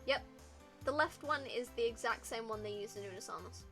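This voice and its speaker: A woman's voice: a little high, animated, a little fast, pushed and bright, faint music behind. A young woman streamer chatting casually and rambling with lots of fillers while playing a game. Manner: rambling, filler-heavy, giggly. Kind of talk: casual gameplay chat.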